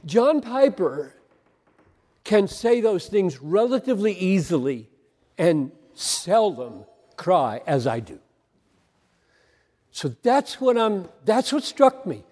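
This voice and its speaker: High-voiced older male preacher, reverberant. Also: sing-song, darkish tone. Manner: earnest, emphatic, with halting repetitions. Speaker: pastor. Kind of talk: sermon. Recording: long hall reverb.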